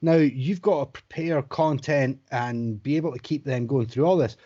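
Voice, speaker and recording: A man's voice: medium pitch, moderate pace, dark tone, dull audio. A man co-hosting a casual podcast chat, frank and sweary, who builds his points with rhetorical questions. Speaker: podcast co-host, college lecturer.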